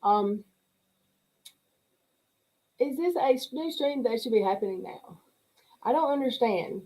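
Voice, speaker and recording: A middle-aged woman hosts a livestream, chatting loosely and reading live comments in a mellow, relaxed drawl. She laughs often and greets each viewer by name as comments scroll past. Her voice is a little high and slow, and the recording is rough.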